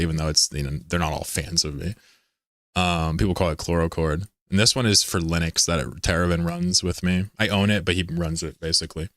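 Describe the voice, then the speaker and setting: A man's voice: low-pitched, fairly bright tone, no room sound, studio quality. A man hosting a casual livestream, rambling, laughing often and reading chat messages aloud. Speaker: livestream host.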